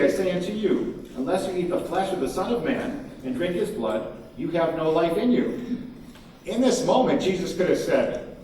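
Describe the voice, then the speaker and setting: A man's voice: a little high, moderate pace, slight background noise. Emphatic man speaking in an echoey hall. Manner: animated, emphatic, acts out crowd quotes. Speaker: keynote speaker. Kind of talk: conference talk. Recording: echoey hall from far off, faint ambience.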